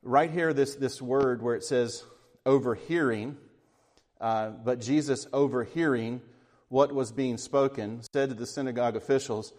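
A man preaching a sermon with a voice of middling pitch. He talks in an earnest, reflective way and sometimes sinks to a hushed tone. The voice rings with the long reverb of a large hall. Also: steady tone, unhurried. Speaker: pastor.

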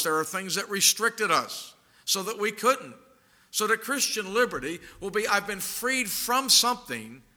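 A man preaching a sermon, reading scripture aloud and stressing key words with emphatic rises and drawn-out pauses. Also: on the high side, pushed and bright. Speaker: pastor.

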